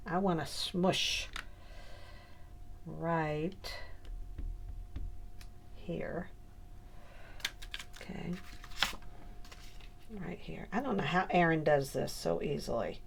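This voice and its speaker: A woman with a fairly low, gravelly voice draws out her words and pauses often, with slight background noise behind her. She vlogs while scrapbooking, chatting casually and muttering to herself as she works.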